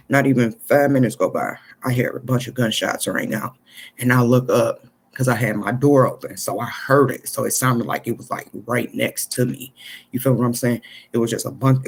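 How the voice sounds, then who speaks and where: Casting: man, husky mid-pitched voice, profane street storyteller, loose and conversational. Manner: street slang, profane, repeats "you know what I'm saying". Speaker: storyteller recounting an experience. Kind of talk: casual storytelling monologue.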